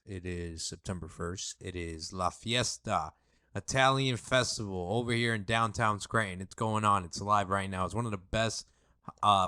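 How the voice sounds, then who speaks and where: A man's voice: lowish voice, sharp tone, clean tone, no room sound, clean studio sound. A man hosting a podcast in a laid-back, rambling way. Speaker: podcast host. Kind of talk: casual podcast chat.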